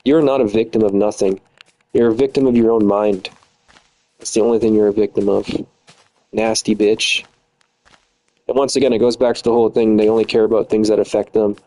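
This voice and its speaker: A man's voice: fairly low pitch, fairly even intonation, brisk, pauses often, mellow, poor audio. Profane young man ranting bitterly. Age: 20s. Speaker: streamer. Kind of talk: angry casual rant.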